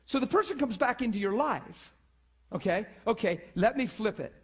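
High-voiced animated male preacher. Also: normal speed, breathy edge. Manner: animated, repetitive, checks in with the audience. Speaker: preacher teaching a church school class. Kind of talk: sermon.

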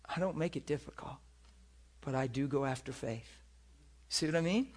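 A man's voice: mid-range voice, moderate pace. A middle-aged man preaching a storytelling sermon, acting out voices and crying out in places. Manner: animated, acts out voices and cries out.

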